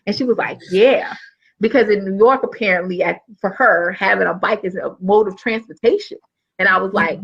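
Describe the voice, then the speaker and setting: A woman's voice: brisk, creaky, slightly rough, muffled recording. A woman from New Orleans with a Southern accent, a social worker telling stories in a casual interview and acting out the dialogue. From New Orleans, USA. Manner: animated, acts out dialogue with big pitch jumps.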